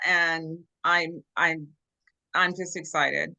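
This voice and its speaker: A woman guest telling her story in an animated, earnest way over a video call. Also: medium pitch, a little slow, low-quality recording. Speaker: interview guest. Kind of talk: casual storytelling.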